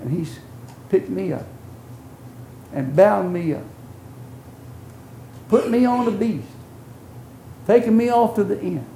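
An older man preaching a sermon, telling stories in a folksy, earnest way that swings from loud to hushed. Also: high-pitched, expressive, takes it slowly, vocal fry, pauses often, echoey room, a little hiss or hum, poor audio. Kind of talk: sermon storytelling.

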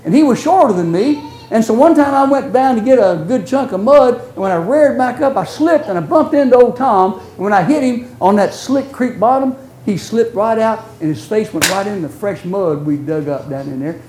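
An older man preaching in a roomy, echoing church, his voice mellow and dark in tone. He tells his stories in a folksy, earnest way, rising loud and then dropping to a hush. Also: high-pitched, expressive, normal speed, few pauses, a little hiss or hum. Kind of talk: sermon storytelling.

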